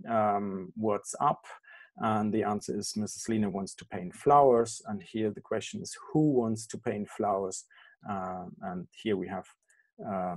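A man giving an academic lecture over slides on an online call, halting often with ums and correcting himself mid-phrase. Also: on the low side, darkish tone. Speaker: guest lecturer.

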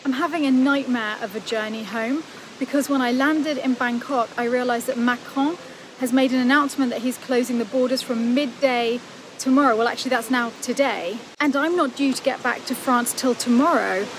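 A woman's voice: on the high side, normal speed. A tired woman vlogging a travel diary, talkative and emotional. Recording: steady background noise.

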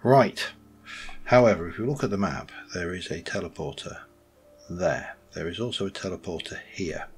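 Faint music sits behind this Minecraft let's play host, whose low-pitched voice is animated and moves at a normal speed. He gives casual gameplay commentary, rambling, thinking aloud and correcting himself along the way.

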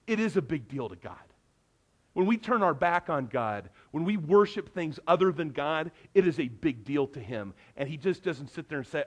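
A middle-aged man preaching a sermon in a church, earnest and conversational, his loudness swinging from near-hushed asides to emphatic bursts. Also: fairly high pitch, very animated, normal speed. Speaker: pastor. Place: church sanctuary.

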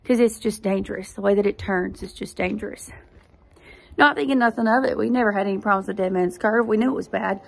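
A woman with a medium-pitched, creaky voice talks fast as she tells her viewers a personal testimony. Hosting a faith vlog, she speaks to them directly in an earnest, animated storytelling style.

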